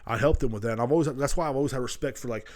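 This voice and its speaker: A man's voice: medium pitch, rapid-fire, darkish tone. Brief: young male solo podcaster, casual and profane, rambles loosely. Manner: rambling, profane, jumps between stories. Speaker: podcast host.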